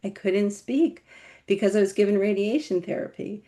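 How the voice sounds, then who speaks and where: A middle-aged woman with one paralyzed vocal cord, a memoir author telling her life story in an interview, animated and laughing. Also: mid-range voice, normal speed. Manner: animated, laughing, acts out quoted voices.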